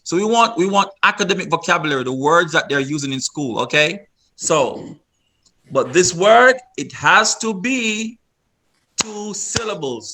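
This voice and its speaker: Bright-voiced man presenting a virtual workshop. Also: on the high side. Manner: instructive, repeats himself with many restarts. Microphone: video call.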